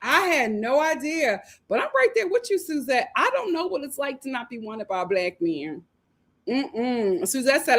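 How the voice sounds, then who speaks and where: A woman hosting a casual livestream, reading viewer comments aloud, animated and laughing often as she talks. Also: high voice, normal speed. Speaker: host of a reality TV review livestream.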